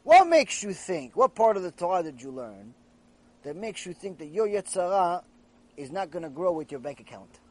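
A man, a rabbi, teaching a Torah ethics lecture, telling jokes in an animated storytelling way. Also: high voice, normal speed.

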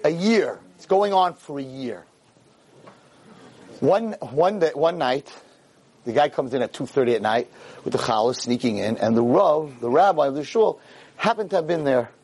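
Animated husky-voiced male storyteller. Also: mid-range voice, moderate pace. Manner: animated, acts out the characters' voices. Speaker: lecturer. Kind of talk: storytelling lecture.

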